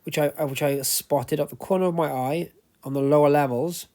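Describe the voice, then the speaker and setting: A man's voice: a little high, steady tone, fairly quick, darkish tone. A man with a Welsh accent, chatting casually and at length while browsing a charity shop, talking into a wearable action camera. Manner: chatty, rambling, explains at length. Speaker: luxury resale vlogger. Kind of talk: casual chat while shopping.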